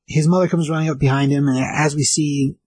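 A man casually recapping a comic book page by page, rambling with lots of fillers and slipping into quick voices for the characters. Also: on the high side, steady tone, a little mellow, a little hiss or hum, rough recording.

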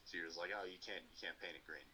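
A man co-hosting a casual podcast, explaining party games in a rambling, animated way and acting out what people say. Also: sits low, fast, a little hiss or hum, poor audio. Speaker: podcast co-host. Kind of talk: casual chat.

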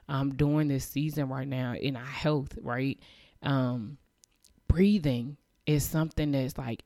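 A woman's voice: very deep voice, mellow, no echo, clean studio sound. A woman hosting a podcast, giving a heartfelt, emotional, faith-based message of encouragement. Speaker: podcast host.

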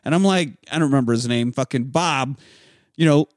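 A man casually recapping a movie with a co-host, profane and animated, acting out characters in sudden shouted voices. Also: fairly high pitch, quick pace, no room sound. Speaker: podcast co-host.

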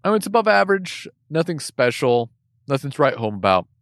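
A man's voice: fairly high pitch, big pitch swings, brisk, fairly bright tone, no room sound, clean studio sound. A man co-hosting a casual drink-tasting podcast, laughing often and teasing his co-host.

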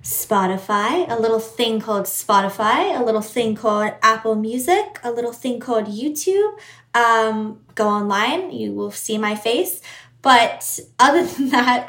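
An Australian woman chats as a podcast guest about her music, teasing and laughing easily. Her voice sits a little high. The room around her adds a clear echo. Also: a little slow, fairly bright tone. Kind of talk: casual podcast chat. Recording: roomy echo.

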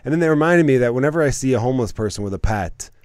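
A man's voice: mid-range voice, expressive, very fast, a little mellow, clean tone, dry recording, studio quality. A man co-hosting a podcast in loose casual chat, swearing a lot and calling people dude and man. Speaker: podcast co-host.

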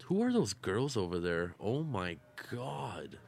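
A man's voice: fairly low pitch, very animated, slow, gravelly, darkish tone, no room sound. A man, a battle rapper, tells crude, boastful stories in casual chat at a bar. He swears freely and laughs often.

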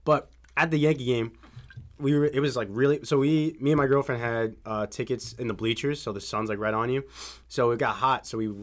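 A man chatting casually in a relaxed, easygoing way. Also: mid-range voice, brisk. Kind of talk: casual chat.

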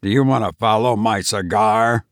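A man's voice: normal speed, dry recording, clean studio sound, close to an everyday voice. A man voicing a stern, short-tempered man who speaks bluntly and with restraint. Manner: blunt, curt, low and restrained.

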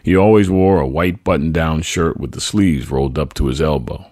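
Very deep husky guy reading his memoir, dry close mic. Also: normal speed, a little mellow, dry recording. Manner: tender, reflective storytelling. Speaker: podcast host.

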